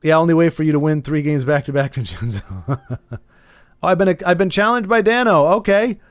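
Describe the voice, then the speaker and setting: Man in a live-stream chat, a bit higher than usual, dry close sound, rambling and self-mocking, faint game music under him. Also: fairly quick, clear, resonant tone, no room sound. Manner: rambling, playful, self-deprecating, answers chat. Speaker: streamer playing a card game.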